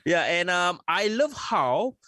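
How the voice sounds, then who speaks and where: A man's voice: sits high, expressive, takes it slowly, pushed and bright, no echo, studio quality. A man co-hosting a casual wrestling podcast, bantering in a laid-back, slangy way. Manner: laid-back slangy banter, calls his co-host bro.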